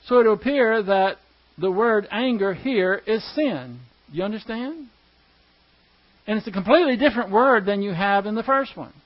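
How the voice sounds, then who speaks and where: High-voiced man teaching scripture. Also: animated, moderate pace, highs cut off. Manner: explains Greek grammar step by step, asks the class questions. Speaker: Bible teacher. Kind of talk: verse-by-verse Bible teaching.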